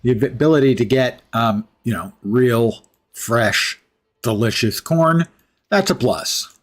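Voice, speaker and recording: A man's voice: mid-range voice, slow pace. A man streaming a video game and talking through it casually, musing aloud, correcting himself and dropping dry asides. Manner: musing, self-correcting, drily humorous. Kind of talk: casual gameplay commentary.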